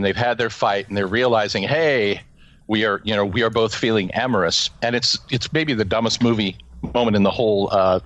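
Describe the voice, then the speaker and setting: A man's voice: medium pitch, fairly bright tone, no room sound. Chatty jokey man in his forties. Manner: chatty, jokey, rambling with restarts. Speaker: podcast host. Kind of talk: casual discussion of a comic book.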